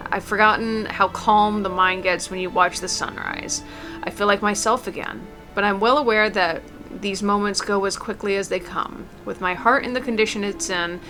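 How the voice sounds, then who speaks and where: A woman reading aloud as an elderly mother, gentle and tender, with small stumbles. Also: mid-range voice, natural voice. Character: elderly mother writing a farewell letter. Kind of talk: reading a game letter aloud.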